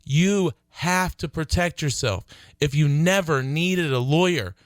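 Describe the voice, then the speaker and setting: A middle-aged man hosting his own radio talk show, speaking earnestly and growing excited as he urges listeners to call. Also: fairly high pitch, unhurried, no room sound. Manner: earnest, excitable, laughs between phrases. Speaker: attorney and radio show host.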